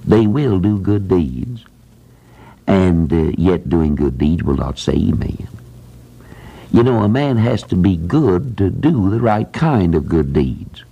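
A deep, gravelly older man preaches a sermon in plain, folksy words. He drives home his point by repeating phrases, his voice dark and a little husky. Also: low-quality recording. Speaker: preacher who runs a Christian school.

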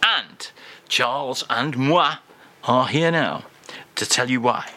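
A man's voice: medium pitch, takes it slowly, sharp tone. A man hosting a comic radio segment, talking in a theatrical, mock-formal way. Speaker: radio host.

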